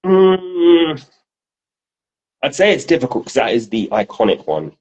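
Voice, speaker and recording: A man co-hosting a podcast, telling stories in a casual, animated way and swearing freely. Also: fairly high pitch, unhurried, lo-fi sound. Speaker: podcast co-host. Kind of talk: casual chat.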